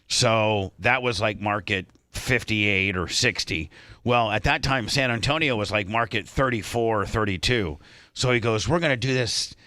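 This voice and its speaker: A radio host from Indiana spins a long anecdote on air and slips into the voices of the people in it. His voice is bright and forceful, recorded dry and close in the studio. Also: on the low side, dry recording. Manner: animated storyteller, acts out other people's lines. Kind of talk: storytelling on a talk show.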